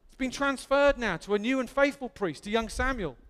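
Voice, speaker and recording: A man's voice: very high voice, lively intonation, brisk, a bit bright, smooth, in a large hall. An Englishman preaching a sermon in a church, earnest and emphatic, building to exclamations. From England. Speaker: pastor. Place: church hall.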